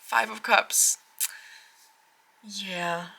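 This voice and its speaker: Gushing, excitable woman with a bright voice. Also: medium pitch, drawn-out words, creaky. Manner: gushing, excitable, frequent gasps and fillers. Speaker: tarot deck reviewer. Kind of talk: casual unboxing walkthrough. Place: home tarot room, rain outside.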